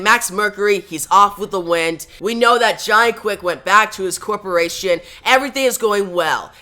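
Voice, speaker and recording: A man's voice: sits high, bright, forceful tone. A man who reviews comic books, retelling the story in a casual recap that often starts with "now". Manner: retells scenes plainly with frequent "now".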